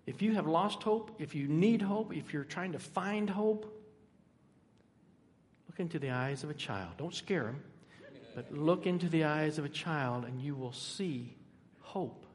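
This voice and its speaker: An older man preaching a sermon, emphatic, swinging between loud and soft with dramatic pauses. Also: on the high side, expressive. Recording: echoey hall.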